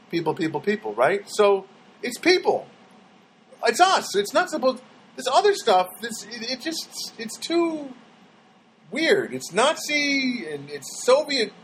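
A man's voice: high voice, a little hiss or hum, rough recording. A middle-aged man with a New York accent, a comedian rambling through a casual monologue. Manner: rambling, animated storytelling.

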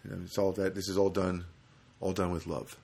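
A man with a fairly low voice tells a funny story about his own life. He rambles with plenty of stops and restarts and grumbles at himself along the way. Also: level tone, fairly quick, vocal fry, darkish tone, slightly rough. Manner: self-deprecating, rambling, grumbling. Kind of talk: humorous anecdote monologue.

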